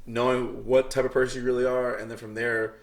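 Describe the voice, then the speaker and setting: A man's voice: mid-range voice, little pitch movement, brisk, creaky, echoey room. A young man co-hosting a podcast in casual chat, laid-back, summing up and repeating what the others say. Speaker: podcast co-host.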